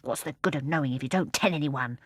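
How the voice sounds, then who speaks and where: A woman voicing a small, curious boy who talks in eager, excited questions. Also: sits low, quick pace, breathy edge, dry recording, clean studio sound, pitched below the performer's own voice.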